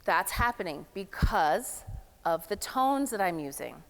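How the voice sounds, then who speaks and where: A woman giving a lively, playful workshop talk at a summit, speaking casually to a live room. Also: fairly low pitch, measured pace. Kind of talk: energetic motivational workshop talk. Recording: long hall reverb.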